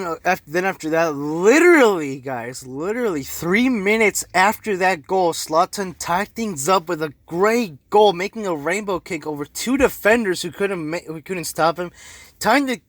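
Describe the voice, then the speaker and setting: A man's voice: high-pitched, a bit bright, dry recording. Brash, trash-talking young man co-host. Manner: brash trash-talking fan, recapping plays. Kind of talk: casual sports podcast chat and match recap.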